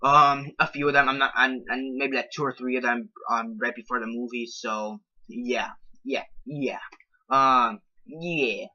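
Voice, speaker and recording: A man's voice: medium pitch, steady tone, a little slow, pushed and bright, dull audio. A man giving a casual movie review who rambles, hesitates often and keeps circling back with "so yeah". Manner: rambling, repeats "so yeah" with many ums.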